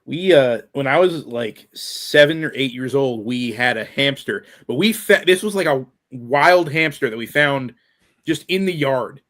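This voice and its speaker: A man's voice: medium pitch, expressive, a little slow, fairly bright tone. A man chatting casually on a live book show, recalling a childhood memory and insisting he is right. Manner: insistent, laughs while defending his story. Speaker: co-host. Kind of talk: casual chat.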